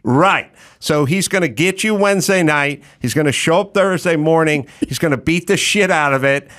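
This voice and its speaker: A man's voice: on the high side, moderate pace, fairly bright tone, no echo. Wry man hosting a podcast, dry sound. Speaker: podcast host. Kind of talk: casual podcast chat.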